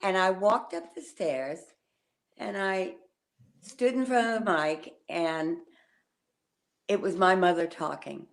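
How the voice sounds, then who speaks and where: An older woman, a guest on a video call, telling a personal memory in a halting, pausing way. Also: lowish voice. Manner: warm, halting storytelling with pauses.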